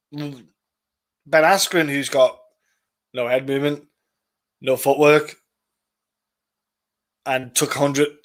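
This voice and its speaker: A man's voice: fairly high pitch, a bit bright. A man hosting a casual live stream of fight predictions, chatting loosely, swearing and reading viewer comments aloud. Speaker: podcast host.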